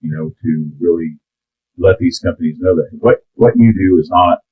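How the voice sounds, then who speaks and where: A man's voice: low voice, normal speed, slightly rough. A man hosting a podcast, asking his guests questions eagerly in a casual interview. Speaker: podcast host. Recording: tinny phone-like sound.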